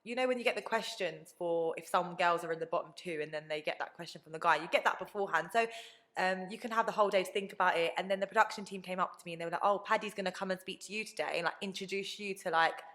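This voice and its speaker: Quick, bright-voiced woman in her twenties, chatty guest who acts out quotes. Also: on the low side. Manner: animated storytelling, acts out quoted people. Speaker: podcast guest. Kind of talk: casual chat.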